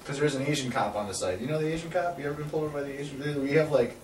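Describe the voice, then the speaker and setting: A man, telling a long, profane story in casual chat and acting out the quotes loudly. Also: fairly high pitch, rapid-fire. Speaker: podcast host. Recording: echoey room, voice far from mic, faint background noise.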